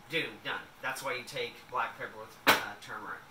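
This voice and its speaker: A vlogger rambles loosely through a salad-making session in his home kitchen, using plenty of fillers. His mid-range voice keeps a steady tone at normal speed with few pauses, though background noise, room echo, and some distance from the mic come through.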